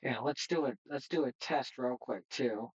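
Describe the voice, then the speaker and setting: A woman with an extremely low-pitched voice speaks at normal speed on a lo-fi recording. A streamer and developer, she chats casually on a livestream, rambling with lots of fillers while testing her setup.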